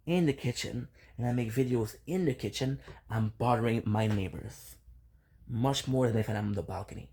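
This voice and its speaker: A man's voice: medium pitch, moderate pace, a little mellow, slightly rough. An upset man venting about his neighbors in a home vlog, repeating himself and swearing. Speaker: content creator. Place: home balcony.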